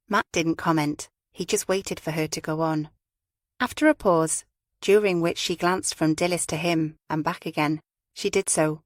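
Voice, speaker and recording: Low-voiced woman reading a crime novel. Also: fairly even intonation, normal speed, dry recording, clean studio sound. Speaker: audiobook narrator. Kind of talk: scripted narration.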